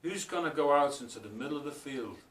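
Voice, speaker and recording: A man giving a spiritual talk as author and speaker, telling stories in a reflective way and slowing down for emphasis. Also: lively intonation, fairly bright tone. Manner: storytelling, reflective, often slows for emphasis. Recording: roomy, distant mic, faint rumble.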